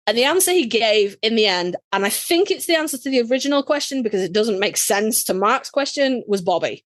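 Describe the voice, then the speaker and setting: Animated British woman telling a story. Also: on the high side, brisk, no echo. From United Kingdom. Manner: animated, swears casually, acts out quotes. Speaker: podcast guest. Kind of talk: casual storytelling chat.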